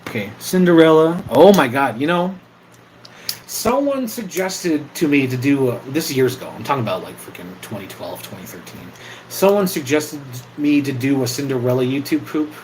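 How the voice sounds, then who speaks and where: A young man hosting an impromptu livestream, chatting casually, swearing freely and bursting into loud yells. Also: mid-range voice, slight background noise, rough recording. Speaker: livestream host.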